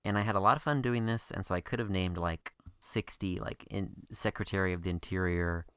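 A man's voice: low-pitched, fairly even intonation, fairly quick, a bit bright, smooth, no echo, clean studio sound. A man co-hosting a podcast, chatting wryly and casually about a TV episode. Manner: chatty and wry. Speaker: podcast co-host. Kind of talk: casual TV recap chat.

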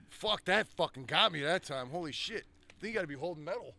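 Loud profane man with a lively, animated voice. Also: on the high side, vocal fry, a little hiss or hum. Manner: loud, profane, playfully boastful. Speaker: podcast co-host. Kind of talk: rowdy casual banter.

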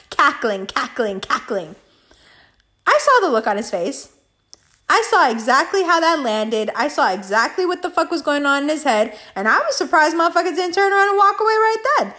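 Give me a profane, animated woman telling a storytime vlog, with a lively voice. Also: sits high.

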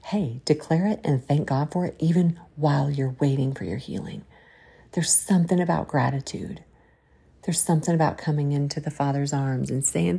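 A woman with a Southern drawl hosts a faith-based encouragement talk in a folksy, exhorting way. Her voice is low and mellow, with a husky grain. She sounds gravelly at the bottom of her range. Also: fairly even intonation, moderate pace. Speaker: podcast host.

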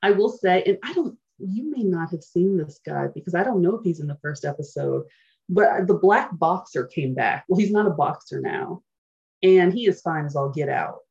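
A woman's voice: lowish voice, expressive, normal speed, a little mellow. A woman co-hosting a podcast in casual chat, frank and playful, often poking fun at herself. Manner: frank, playful, self-mocking. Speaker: podcast co-host. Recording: dull lo-fi sound.

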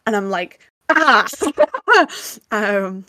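A woman's voice: mid-range voice, moderate pace, a bit bright, dry recording. A young woman, co-hosting a casual podcast chat, laughing often and talking with lots of fillers. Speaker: podcast co-host.

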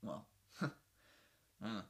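A man in his late twenties co-hosting a podcast, chatting casually in an animated, teasing, joking way. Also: takes it slowly. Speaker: podcast co-host. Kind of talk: casual chat.

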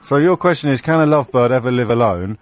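A man's voice: mid-range voice, fast. A man hosting a live radio phone-in from a studio, playful and teasing, often stumbling over repeated words as he restarts. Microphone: studio microphone.

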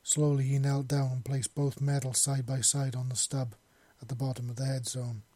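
Male narrator, warm dark tone, dry close sound, reads fiction and acts out the lines. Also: medium pitch, level tone, moderate pace, no echo. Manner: acts out dialogue, shouting in grief scenes. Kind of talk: dramatic story reading.

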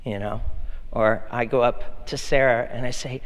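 A man's voice: medium pitch, fairly even intonation, moderate pace, hardly any pauses, a little hiss or hum. A male pastor preaching a sermon in a conversational, playful way, often repeating words for emphasis. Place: large church hall. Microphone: handheld mic. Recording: long hall reverb.

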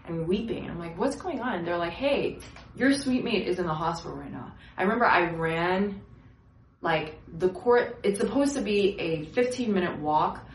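Animated young woman preaching in an echoey room. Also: on the low side, moderate pace, slight background noise. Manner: animated storytelling with acted-out voices. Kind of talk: casual sermon.

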